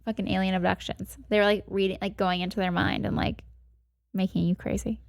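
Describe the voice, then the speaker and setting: A woman's voice: medium pitch, very animated, a little fast, vocal fry, dry recording, clean studio sound. A woman guest on a podcast, casually retelling a story with lots of "like" fillers and swearing. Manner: heavy "like" fillers and frequent swearing.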